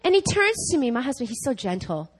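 Animated woman preaching, chatty and laughing. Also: high voice, fairly quick, slightly rough, low-quality recording. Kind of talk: conversational sermon storytelling. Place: church service.

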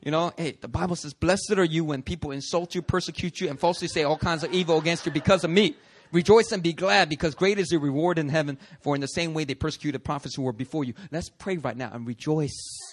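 A man preaching a sermon, animated and conversational, acting out voices in his stories. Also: on the high side, fast. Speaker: pastor.

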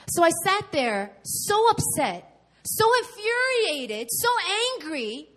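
A woman from New York preaching a sermon at a church service, telling her own story in a candid, animated way with emphatic repetition. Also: extremely high pitch, takes it slowly. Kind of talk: sermon with personal testimony.

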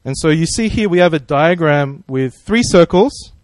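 A man's voice: a little high, lively intonation, moderate pace, dry recording. A man preaching a sermon in a friendly, conversational way, praying and asking the congregation questions. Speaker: pastor.

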